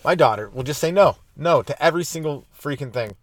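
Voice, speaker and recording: A man's voice: fairly high pitch, fairly quick, no room sound. Stoned man rambling through a comedy bit. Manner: loose, rambling, stoned and animated in bits. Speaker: podcast host.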